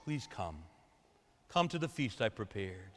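A man voicing a loving older father who pleads tenderly with his son, slowing down and growing quieter. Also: sits high, sing-song, long reverb tail, pitched above the performer's own voice, exaggerated voice. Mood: hushed. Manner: begging softly, slowing and dropping quieter.

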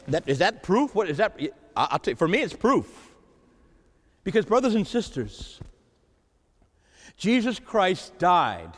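A male pastor preaching a sermon, with dramatic pauses and emphatic repetition. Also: high voice, fairly bright tone, big-room sound. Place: church.

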